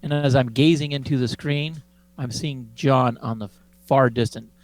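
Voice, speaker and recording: A man's voice: mid-range voice, steady tone, moderate pace, no room sound, low-quality recording. A man co-hosting a comedy podcast, giving loose, joking plugs with fillers. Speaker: podcast co-host. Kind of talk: casual promo chat.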